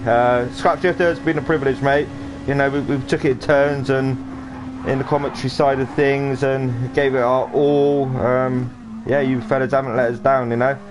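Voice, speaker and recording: A man casually commentating a sim racing stream, rambling and chatty with lots of fillers and restarts. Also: mid-range voice. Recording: noisy home stream audio.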